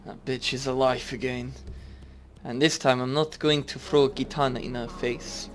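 A young man giving excitable, sweary let's-play commentary over a game. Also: mid-range voice, normal speed. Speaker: gaming YouTuber. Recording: game music behind the voice.

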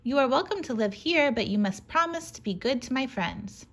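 A woman's voice: high-pitched, lively intonation, normal speed. A woman voicing a kind, hopeful male hermit crab who speaks politely and earnestly.

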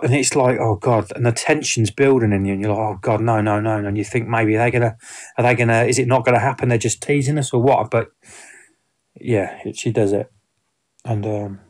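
A man talks through a film review casually and unscripted, rambling, restarting sentences and leaning on fillers. His voice sits at an ordinary middle pitch for a man.

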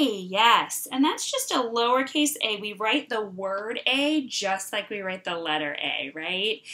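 A middle-aged woman teacher leading an online writing lesson for young children, sounding out words slowly and clearly. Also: fairly high pitch, a bit bright.

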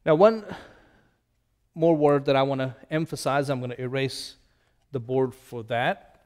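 A middle-aged man teaches at a whiteboard in a slow, patient, unhurried way. He repeats words so learners can drill them, and his voice carries a long reverb from a large room. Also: mid-range voice, a little mellow. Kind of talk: classroom lesson at a whiteboard.

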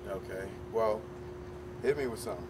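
Male host, direct casual questioning, clear street and traffic noise behind. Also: lowish voice, normal speed, darkish tone. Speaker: interviewer and host. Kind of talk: street interview. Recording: street noise with passing vehicles.

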